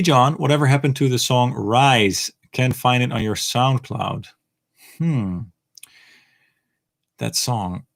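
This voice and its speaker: Brief: laid-back male streamer with a lowish voice, reading out chat questions and rambling through his answers. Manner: relaxed, rambling, reads viewer questions aloud. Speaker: host of a live Q&A stream. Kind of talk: casual livestream Q&A.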